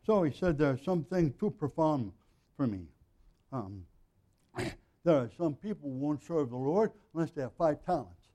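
A male pastor giving an earnest, conversational sermon, often clearing his throat. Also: fairly high pitch, expressive, normal speed, warm tone. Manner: frequent throat clearing, earnest and plain-spoken.

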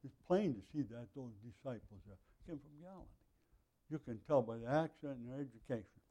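With a warm, mid-range voice and lively intonation, a middle-aged man teaches a Bible passage one verse at a time, talking a little fast. His style is conversational, full of asides and repeated throat clearing.

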